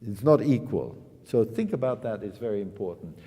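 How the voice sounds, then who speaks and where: A man's voice: fairly low pitch, animated, normal speed, breathy edge. A man teaching a piano master class, singing musical phrases on syllables to show the playing, often repeating words and restarting sentences. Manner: sings phrases on syllables to demonstrate. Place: concert hall. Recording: reverberant hall with loud piano.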